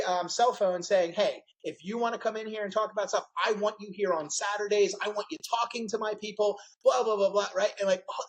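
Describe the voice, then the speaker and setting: A man hosting a podcast interview, telling a story with animated, acted-out quotes. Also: sits high, poor audio. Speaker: podcast host. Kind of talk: casual interview chat.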